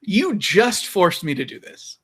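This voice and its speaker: A man's voice: high-pitched, sing-song, fairly bright tone, husky. A male comedian guest on a podcast, bantering with playful mock bragging. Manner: playful, mock-boastful, quick. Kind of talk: casual comedy chat.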